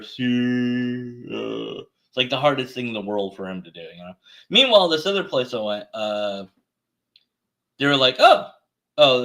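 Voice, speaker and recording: A man's voice: medium pitch, pushed and bright. A man commenting on an online debate exchange, exasperated and ranting, acting out little scenes with quoted voices. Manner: exasperated, ranting, acts out store clerks in quotes. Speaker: atheist commentary streamer. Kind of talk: reading and reacting to a debate exchange.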